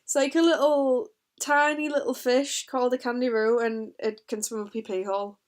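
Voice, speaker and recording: A woman's voice: a little high, steady tone, moderate pace. A woman chatting casually through a film commentary from bed, often trailing off mid-sentence. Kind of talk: casual chat. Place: lying in bed indoors.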